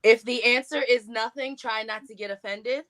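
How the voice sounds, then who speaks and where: A woman speaking earnestly about her own experience in a candid discussion, often pausing with "you know". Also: on the high side, steady tone, a bit bright.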